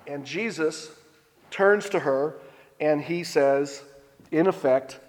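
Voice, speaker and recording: A man giving a sermon, retelling a scripture story in a relaxed, conversational way. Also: a little high, slow, pauses often, long reverb tail. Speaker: preacher.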